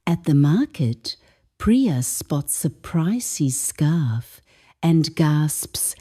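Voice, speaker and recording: A woman narrates a scripted English lesson, explaining each phrase slowly and deliberately. Her voice is low and mellow, and her pitch moves a lot. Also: sing-song, husky. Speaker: English teacher.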